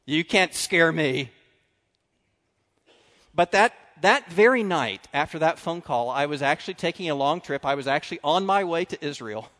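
A man preaching a sermon, telling stories with animated swings between loud and quiet. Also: on the high side, a little fast, hardly any pauses. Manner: animated storytelling, drops to quiet confessional tones. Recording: long reverb of a large hall.

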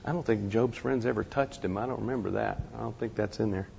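A man with a low, gravelly voice gives an informal lecture, talking conversationally and stumbling over restarts while slipping in wry jokes at his own expense. The recording is dull and lo-fi, and it carries a long reverb from a large hall. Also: dark tone, slight background noise. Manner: conversational, halting restarts, wry self-deprecating humor. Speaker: guest speaker to a ministry class.

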